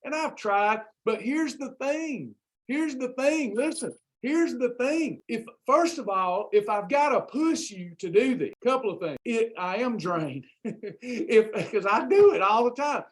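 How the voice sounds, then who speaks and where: Fired-up high-voiced man. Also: expressive, unhurried. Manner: fired-up, preachy, repeats phrases. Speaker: host of a weight loss program. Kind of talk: Christian motivational livestream talk.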